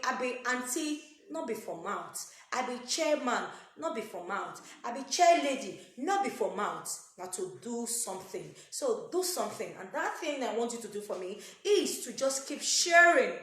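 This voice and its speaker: A woman's voice: a little high, a bit bright. A woman with a Nigerian accent makes an emphatic, repetitive appeal to her viewers, dropping into pidgin and pouring out prayer-like blessings. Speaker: YouTube content creator. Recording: echoey room.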